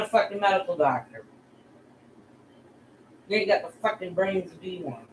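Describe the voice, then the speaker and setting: A woman's voice: lowish voice, lively intonation, normal speed, a little hiss or hum, low-quality recording. Profane, heated middle-aged woman vlogger. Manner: profane, heated, addresses bullies directly. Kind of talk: angry direct-to-camera rant.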